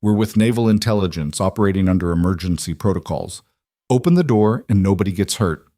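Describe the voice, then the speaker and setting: A man's voice: low-pitched, animated, brisk, warm tone, no echo, studio quality. A man voicing a menacing male armed raider giving cold, threatening commands.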